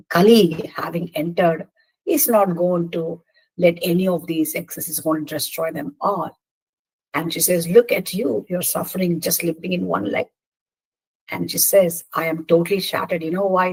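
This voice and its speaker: A woman giving a devotional talk that retells a scripture story. She speaks earnestly and stresses the dialogue gently. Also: fairly low pitch, slightly rough, rough recording.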